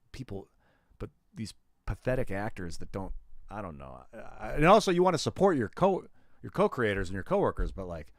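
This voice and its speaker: A man in his thirties streams a game and chats casually with viewers, rambling and full of slang. His voice is fairly low, and the recording is clean studio sound with no echo.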